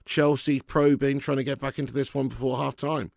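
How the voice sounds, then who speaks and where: A man hosts a live football watch-along, mixing match commentary with easy chat and reading out viewers' comments. His voice has a gravelly edge and sits dry and close to the mic. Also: medium pitch, steady tone, brisk, darkish tone, no echo. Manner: chatty, reads out viewer comments. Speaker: watch-along stream host.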